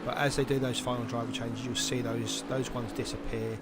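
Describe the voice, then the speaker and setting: A man's voice: mid-range voice, level tone, brisk, very noisy. A man hosting live sim racing commentary, teasing and banterous. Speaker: race commentator and host.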